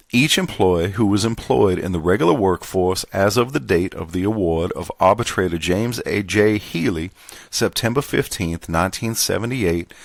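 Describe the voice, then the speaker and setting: A man reading a contract manual aloud in a put-on Southern gentleman voice, measured and formal. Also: lowish voice, vocal fry, dry recording, full character voice. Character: genteel Southern gentleman reading legal text.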